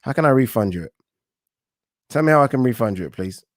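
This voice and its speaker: A man's voice: mid-range voice, expressive, fast talker, no room sound, studio quality. A man hosting a boxing channel, chatting casually and joking as he reads out viewer comments. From England. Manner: laid-back, joking, swears casually. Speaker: boxing YouTube host.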